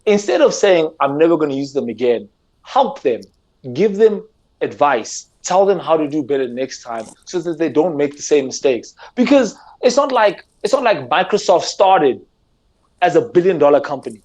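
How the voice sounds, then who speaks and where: A man's voice: fairly high pitch, big pitch swings, moderate pace, a little mellow. A man from South Africa with a South African English accent, talking earnestly and animatedly in a casual discussion, often repeating words as he presses his point. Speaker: podcast guest, gamer.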